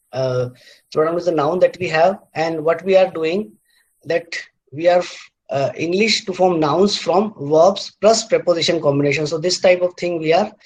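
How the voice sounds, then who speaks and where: A middle-aged man lecturing on word formation, halting often with fillers and restarts and repeating words aloud to show their stress. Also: a little high, a little mellow, muffled recording. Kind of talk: university lecture.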